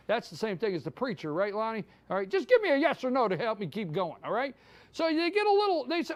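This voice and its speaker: Fired-up high-voiced man. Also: big pitch swings, moderate pace. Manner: fired-up, emphatic, repeats his points. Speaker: morning show host. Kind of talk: live opinion monologue. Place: live broadcast from a downtown spot.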